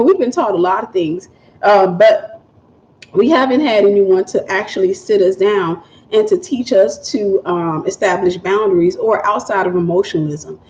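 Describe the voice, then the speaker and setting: A woman with a Southern accent hosting a casual home livestream, talking fast and greeting viewers by name before teaching. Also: medium pitch, darkish tone, a little hiss or hum. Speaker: ministry livestream host. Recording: roomy, muffled home livestream audio.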